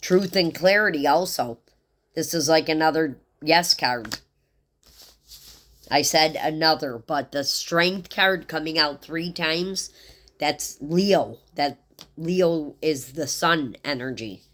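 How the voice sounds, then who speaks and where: A woman's voice: deep voice, slow, fairly bright tone, a little hiss or hum. A middle-aged woman giving a casual, rambling tarot reading and talking straight to her viewers in a heartfelt way. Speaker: tarot reader.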